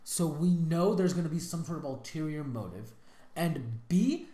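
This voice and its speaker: A woman's voice: sits low, expressive, normal speed, warm tone. A woman hosting a reaction video, talking in casual, exasperated commentary with lots of restarts and slang. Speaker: reaction channel host. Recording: roomy echo.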